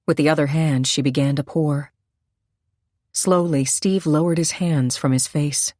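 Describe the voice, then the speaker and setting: A woman narrating a suspense novel in a measured, steady storytelling voice on a close microphone. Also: low-pitched, no room sound. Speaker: audiobook narrator. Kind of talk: scripted narration.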